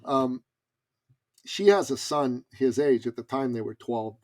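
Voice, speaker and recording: A man's voice: medium pitch, measured pace, a little mellow. A middle-aged man telling a personal story as a podcast guest, earnest and emphatic. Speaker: podcast guest, business coach.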